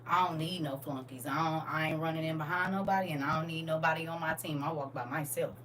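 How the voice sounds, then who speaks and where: Blunt middle aged woman going live, bright edgy voice, kinda far off the mic. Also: low-pitched, quick pace. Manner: blunt, storytelling, scolding. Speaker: TikTok live host. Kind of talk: casual live-stream talk. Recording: distant from mic with faint noise.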